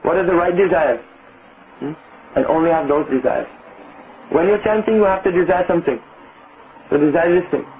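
A man's voice: a little high, moderate pace, long pauses, highs cut off, a little hiss or hum. A man teaching in a devotional lecture, explaining step by step and often checking in with his listeners. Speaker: spiritual teacher.

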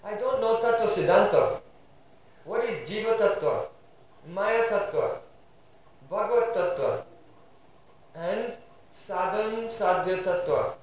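A man's voice: high voice, lively intonation, slow pace, a little hiss or hum. A man teaching a devotional class, often checking in with his listeners with a questioning "hmm?". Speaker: spiritual teacher giving a class. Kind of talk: devotional lecture. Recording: very echoey room, voice far from mic.

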